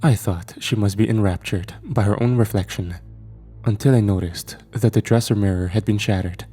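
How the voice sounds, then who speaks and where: A man reading a first-person horror story aloud in a measured, steady storytelling manner. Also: on the low side, breathy edge. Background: faint background music.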